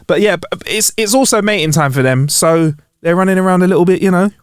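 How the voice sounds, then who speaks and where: A man's voice: high-pitched, fast talker, clean tone, no echo, studio quality. A man co-hosting a podcast, joking and swearing in casual banter. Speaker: podcast co-host. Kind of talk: casual chat.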